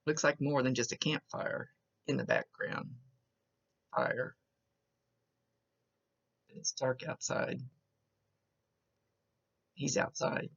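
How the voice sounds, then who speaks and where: Gravelly psychic medium woman, lo-fi. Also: a bass voice, big pitch swings, slow pace, pauses often. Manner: chatty, describing visions as they come with restarts. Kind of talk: recorded reading monologue to a client.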